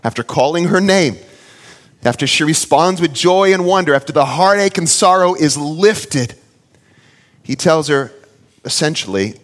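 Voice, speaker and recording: A pastor in his thirties delivers an earnest sermon, his voice sitting a bit high and swinging widely in pitch. His words ring out with a long reverb from a large hall. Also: measured pace. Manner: earnest storytelling, animated when quoting his child.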